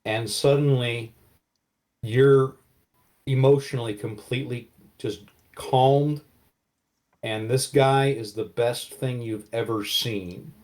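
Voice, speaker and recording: A man's voice: medium pitch, fairly even intonation, slow, a little mellow. A man narrating as game master, in vivid, casual storytelling with many fillers.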